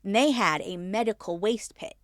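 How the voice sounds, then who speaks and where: A woman co-hosting a casual history podcast, chatty and quick to laugh. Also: medium pitch, no room sound, clean studio sound. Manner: giggly, chatty, laughs often. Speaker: podcast co-host.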